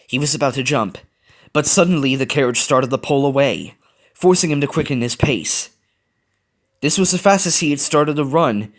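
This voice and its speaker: A man reading fan fiction aloud in an expressive, storytelling way. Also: mid-range voice. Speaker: reader.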